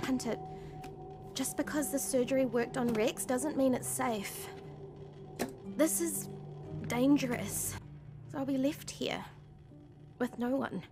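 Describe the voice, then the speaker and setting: A woman voicing a young girl clone in an animated series, speaking earnestly and pleading. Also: high voice, slow pace, long pauses. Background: music score.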